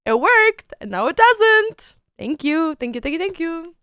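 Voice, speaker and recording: A young woman streaming from home, chatting casually with her viewers, animated and swearing freely as she rants. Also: sits high, normal speed, hardly any pauses, dry recording, clean studio sound. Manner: chatty, talks to chat between bursts of singing. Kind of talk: casual livestream chat.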